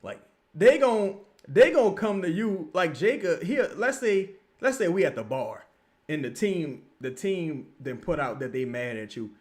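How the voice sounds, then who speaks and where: Animated, profane New man chatting. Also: a little slow. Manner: animated, profane, swings between loud outbursts and low mutters. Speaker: livestream host. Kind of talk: casual livestream chat reading viewer comments.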